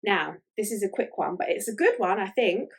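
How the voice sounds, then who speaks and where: A woman's voice: medium pitch, expressive, moderate pace, creaky, breathy edge. A woman hosting a casual solo podcast, chatty and full of fillers like "um" and "like". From Ireland. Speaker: podcast host.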